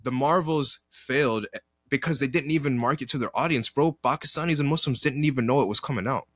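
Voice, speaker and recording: Animated slangy man in a dry podcast mic. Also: medium pitch, fairly quick, dry recording. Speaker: podcast co-host. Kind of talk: casual chat.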